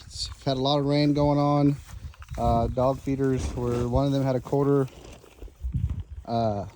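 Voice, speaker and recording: Mellow-voiced rancher out in a pasture. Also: male voice, medium pitch, a little hiss or hum. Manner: easygoing, explanatory. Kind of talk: casual vlog narration. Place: outdoor pasture.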